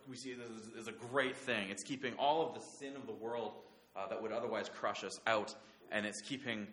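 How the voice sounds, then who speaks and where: Man, sermon, earnest, stop-start phrasing, fairly low voice, bright tone. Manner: earnest, halting, many restarts, soft paraphrased quotes of God. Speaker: preacher.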